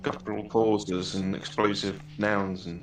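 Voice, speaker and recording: A man's voice: sits low, flat delivery, unhurried. A man on voice chat during a racing stream, making dry, wisecracking remarks. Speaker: guest in voice chat. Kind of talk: casual voice-chat banter. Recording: distant, roomy voice chat with a hum.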